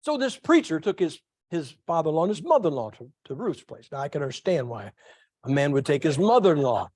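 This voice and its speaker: A middle-aged male pastor preaching a sermon, telling folksy stories with lively asides to his congregation. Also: fairly high pitch, quick pace, dry recording, studio quality. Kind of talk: sermon with storytelling.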